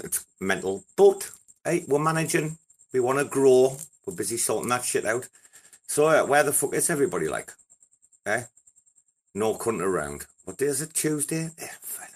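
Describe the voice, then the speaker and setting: A young man with a fairly low voice hosts a loose, unscripted crypto chat show. He rambles and swears constantly, with excitable banter aimed at his listeners. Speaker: host of a crypto breakfast show. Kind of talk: casual live audio chat.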